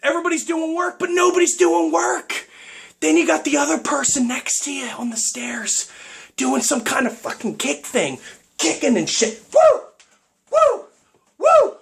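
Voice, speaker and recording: A man with a strikingly high voice for his sex, ranting about the gym in a comic, fired-up way. He swears freely and keeps checking in with his listeners by asking "right?". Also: moderate pace, creaky, a bit bright. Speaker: fitness vlogger. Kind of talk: comedic gym rant.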